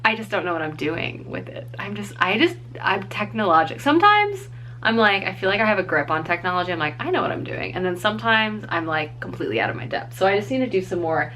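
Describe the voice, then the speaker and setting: A woman's voice: mid-range voice, sing-song, quick pace, bright, forceful tone. Young female vlogger, casual and self-deprecating, talks at home into a handheld camera, faint hum behind. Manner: chatty and self-deprecating, with frequent fillers. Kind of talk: casual chat. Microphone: handheld vlog camera.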